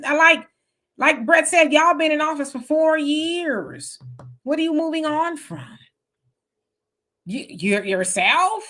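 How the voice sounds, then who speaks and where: A woman's voice: medium pitch, sharp tone. A woman hosting a casual livestream, giving blunt opinions and greeting viewers by name as she reads their comments. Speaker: livestream host.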